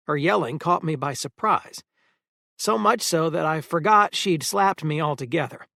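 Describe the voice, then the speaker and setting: A man narrating a first-person audiobook in a steady storytelling manner. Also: fairly high pitch, normal speed, no echo, clean studio sound.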